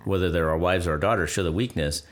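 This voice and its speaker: A man who is a pastor, talking as a guest on a podcast and telling stories in an animated way. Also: low voice, fast. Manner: animated storyteller, acts out little scenes. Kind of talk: casual conversation.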